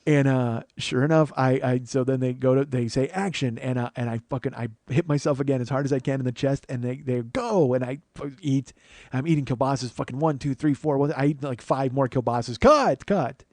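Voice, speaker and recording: A man's solo storytelling monologue on his own podcast: a long comic tale, rambling, profane, and self-mocking. The comedian host speaks briskly in a mellow, medium-pitched voice, captured in a dry recording.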